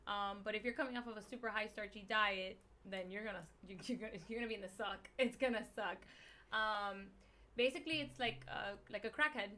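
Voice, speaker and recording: A woman with a Miami Spanish-English accent, a guest explaining diet in a casual podcast chat, animated and emphatic with slang. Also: mid-range voice, brisk. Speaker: guest, keto meal business owner.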